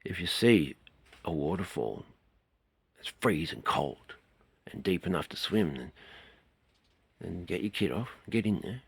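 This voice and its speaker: An Australian man talking in an earnest, rambling way, trailing off quietly and then swelling suddenly. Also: deep voice, lively intonation, measured pace, gravelly, pauses often, husky, no room sound. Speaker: host. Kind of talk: rambling spoken talk.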